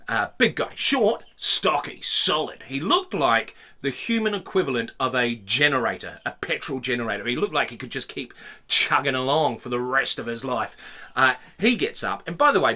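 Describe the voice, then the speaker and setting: A man telling a stand-up story with animated swings between loud outbursts and low mutters. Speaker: stand-up comedian.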